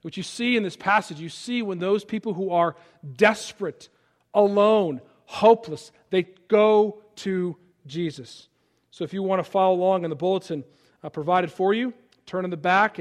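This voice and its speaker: A man in his thirties preaching a sermon, dropping to a hushed voice in personal stories and rising to loud peaks. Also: sits high. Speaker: pastor.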